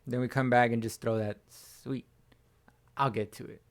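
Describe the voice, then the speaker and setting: A man hosting his own fan channel, hoarse from screaming, giving a slangy sports reaction chat as if talking to a buddy. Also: mid-range voice, steady tone, normal speed. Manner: slangy, talks like chatting with a buddy. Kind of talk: casual sports reaction talk.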